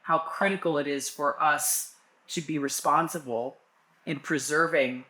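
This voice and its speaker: A woman speaking as an interview guest, earnest and thoughtful, laughing along and pausing to find her words. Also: low-pitched, fairly even intonation, sharp tone, echoey room. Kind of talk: casual interview.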